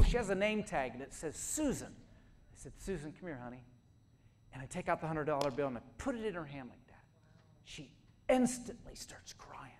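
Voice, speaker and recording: High-voiced man preaching a sermon. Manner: storytelling, building to shouted exhortation. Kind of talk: sermon with storytelling.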